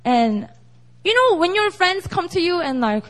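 A young woman preaches in a relaxed, chatty way, often asking her listeners if they follow. Her voice sits high and swings widely in pitch. She sounds conversational rather than formal. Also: normal speed. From South Korea. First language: Korean. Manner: chatty, with frequent "you know" and "right?". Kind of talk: casual, animated sermon.

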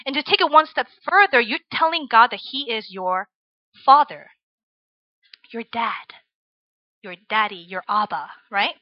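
A woman's voice: on the high side, animated, a little slow, long pauses, no room sound. Young woman preacher, conversational, keeps checking in with the room; muffled, close-miked sound. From Virginia, USA. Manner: chatty, tags lines with "right?" and "like". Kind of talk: casual sermon to students.

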